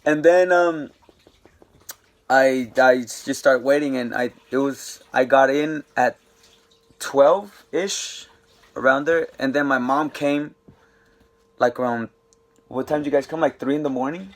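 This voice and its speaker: Young guy, vlogger, slangy rambling storyteller, middle pitch. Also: unhurried, long pauses. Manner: rambling, slangy, lots of fillers. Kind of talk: casual storytime.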